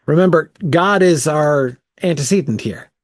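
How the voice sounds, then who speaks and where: A man's voice: a little high, normal speed, dry recording, studio quality. A man leading a casual bible study, thinking aloud with frequent "um" and "right?" as he works through the text.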